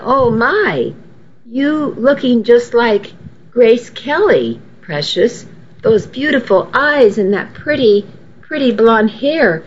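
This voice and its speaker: A woman voicing a fond, feisty older grandmother who talks in a teasing, folksy way. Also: on the high side. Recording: dull, faintly noisy recording.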